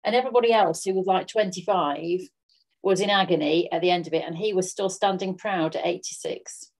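A woman's voice: lowish voice, fairly quick. Chatty woman hosting, laughing easily. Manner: bright storyteller, laughs easily. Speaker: host. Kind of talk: casual chat.

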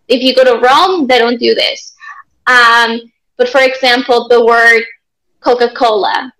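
Woman english tutor on a video call, kinda high voice, chatty, laughs a lot. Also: steady tone, unhurried, pushed and bright, low-quality recording. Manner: chatty, enthusiastic, laughs often. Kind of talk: casual conversation practice. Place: living in Italy.

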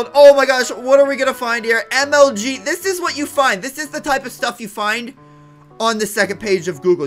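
A young man in his twenties, a gaming YouTuber giving excited, jokey commentary with bursts of mock outrage. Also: sits high.

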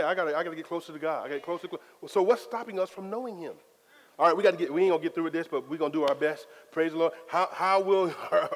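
Guy preaching, casual y'all kind of talk, high voice, long reverb like a church hall. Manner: lively, conversational preaching with Southern Black church phrasing. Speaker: pastor. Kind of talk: sermon.

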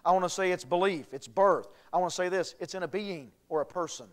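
A pastor with a high voice preaches in a church, dropping to low earnest tones and then rising to shouted declarations. He is a man, and his voice carries through the sanctuary. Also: fairly quick. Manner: swings from quiet earnest talk to shouted emphasis. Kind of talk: sermon.

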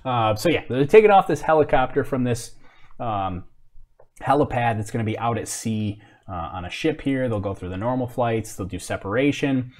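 A man's voice: medium pitch, lively intonation, moderate pace, darkish tone. A man hosting a live commentary stream, talking casually, thinking aloud and answering viewer comments with self-mocking apologies. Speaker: livestream host.

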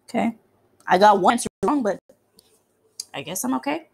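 A woman's voice: mid-range voice, expressive, moderate pace, gravelly, slightly rough. Casual woman commenting while she plays a game. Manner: casual, swears, talks to the game. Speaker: let's player.

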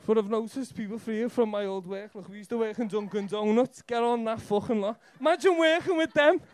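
Young Liverpool comic with a very high voice, nervous and rambling, heavy on the swearing, talking on a stage mic. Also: male voice, brisk, darkish tone. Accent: Liverpool Scouse. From Liverpool, England. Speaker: stand-up comedian. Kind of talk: rambling live stand-up set. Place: comedy club stage.

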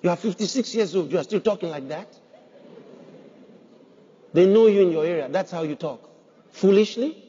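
A man's voice: sits high, normal speed, long pauses, warm tone, husky. A man preaching a sermon as pastor, emphatic, putting rhetorical questions to his congregation. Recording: dull sound with long hall reverb.

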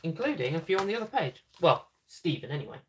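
British woman, low-leaning pitch, dry wit, relaxed unboxing chatter. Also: fast, a little hiss or hum. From Britain. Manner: dry, teasing asides. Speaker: channel host. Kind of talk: casual unboxing chat while sorting cards.

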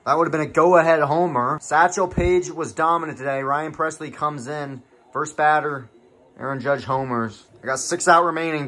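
A man vlogging from home, calling his baseball video game like a play-by-play announcer and getting excitable at the big moments. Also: on the high side. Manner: excitable, shouts and laughs at big plays. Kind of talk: play-by-play style game commentary.

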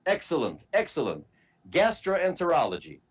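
A man teaching medical terminology to a class, slowly spelling out word parts and asking students to repeat. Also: a little high, huge pitch swings, breathy edge, muffled recording. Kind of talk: classroom lecture.

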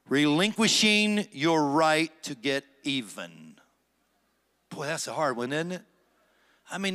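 A middle-aged man, a pastor, preaching a sermon with dramatic slow phrases and rising emphasis. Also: a little high, a bit bright.

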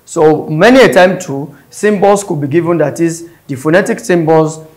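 Higher-voiced man tutoring English exam prep. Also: normal speed, a little mellow. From Nigeria. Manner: explains step by step, repeats words and syllables aloud.

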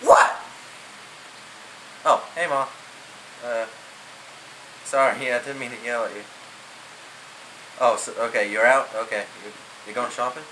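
A man's voice: mid-range voice, fairly even intonation, moderate pace, long pauses, bright, forceful tone, natural voice. A young man acting in an amateur short film, playing a whiny young guy home alone who grumbles and talks to himself. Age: young adult. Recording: noisy amateur home video.

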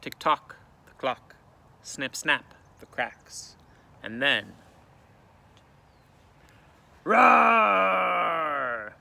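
A male teacher reading a picture book aloud with expressive, dramatic storytelling, outdoors in a canoe. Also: medium pitch, takes it slowly, creaky.

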